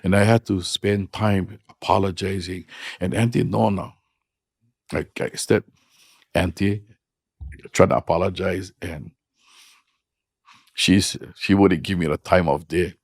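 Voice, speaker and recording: A man's voice: sits low, steady tone, measured pace, creaky, pauses often, dry recording, clean studio sound. A middle-aged man with a Hawaiian accent, a hula teacher telling stories in casual, frank, blunt talk. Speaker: podcast guest, hula teacher. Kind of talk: casual storytelling.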